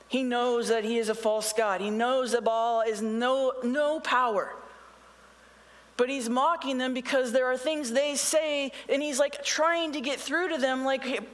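A woman's voice: on the high side, fairly bright tone, in a large hall. A woman pastor preaching a conversational sermon, reading scripture and adding sarcastic asides.

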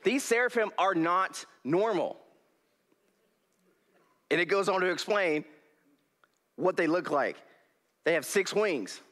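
A young male preacher delivers a folksy, animated sermon in a church hall through a headset mic, laughing often. His voice is high-pitched, and he speaks slowly with long pauses.

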